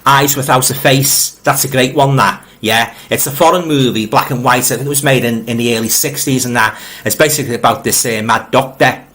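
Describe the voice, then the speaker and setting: A middle-aged man with a Liverpool accent runs a casual live stream, reading viewer comments aloud and rambling, often repeating words as he restarts. His mid-range voice is brisk, bright and forceful, with few pauses. He's friendly and talks straight to his viewers.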